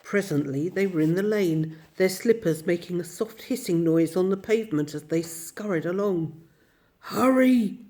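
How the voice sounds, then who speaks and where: A woman reading a children's story aloud as narrator, steady and expressive. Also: on the low side, moderate pace, hardly any pauses. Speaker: audiobook narrator.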